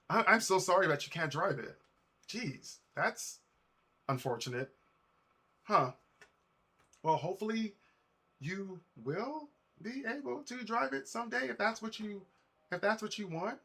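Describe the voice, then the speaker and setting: Bright-voiced young man chatting to his stream. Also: high-pitched, unhurried, long pauses, slightly rough. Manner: chatty, animated, talks to chat. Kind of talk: casual live-stream chat while building. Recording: faint music playlist behind.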